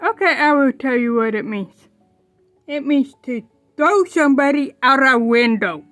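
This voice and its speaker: A woman's voice: high voice, expressive, measured pace, a bit bright, no echo, faint music behind. A woman telling a funny story in a casual way, giggling and laughing often.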